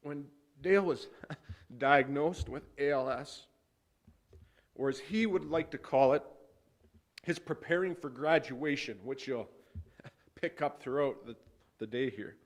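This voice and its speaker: A man speaking as pastor at a memorial service, telling stories of a friend with light laughter, then leading a hushed prayer. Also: mid-range voice, takes it slowly, pauses often. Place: funeral service hall.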